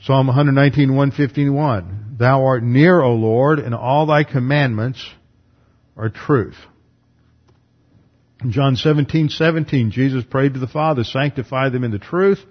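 A man's voice: medium pitch, measured pace, dull audio. A man giving a methodical, numbered Bible lesson, reading verses aloud and then explaining them. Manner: methodical, reads scripture aloud between explanations. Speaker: Bible teacher.

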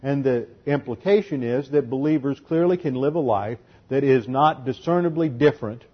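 A husky-voiced male pastor working through a sermon point by point. He teaches methodically, and the recording sounds dull and lo-fi. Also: medium pitch, moderate pace. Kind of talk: expository sermon.

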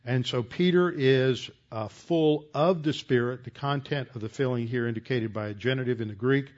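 Man, preacher, expository sermon, pausing "uh"s, emphatic, mid-pitched, slightly muffled recording. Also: darkish tone. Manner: deliberate teaching with many "uh" pauses, rising to emphatic. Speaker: pastor. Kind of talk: expository Bible teaching sermon.

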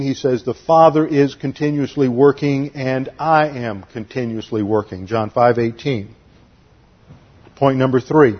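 A male preacher working through a Bible passage point by point, steady and methodical. His voice is husky and mid-pitched. The recording is dull and lo-fi. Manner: methodical, lists numbered points and spells out words. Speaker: Bible teacher. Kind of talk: expository sermon.

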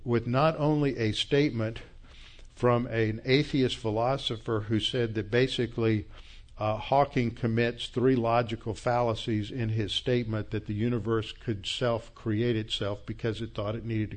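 A man's voice: mid-range voice, fairly even intonation, normal speed. A man teaching a church Bible class in a conversational, reflective lecturing style and closing in prayer.

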